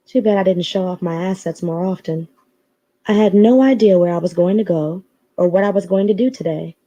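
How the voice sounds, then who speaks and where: A woman reading a novel aloud in expressive storytelling, now and then adding her own asides. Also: mid-range voice. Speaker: story reader.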